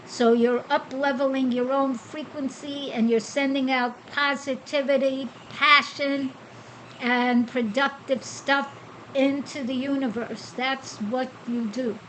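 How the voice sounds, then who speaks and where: A high-pitched woman hosting a spiritual podcast, chatting freely and answering her own rhetorical questions. A faint noise hum sits under her voice. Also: fairly even intonation, slow, fairly bright tone, low-quality recording. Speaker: podcast host. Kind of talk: casual spiritual podcast talk. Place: Costa Rica.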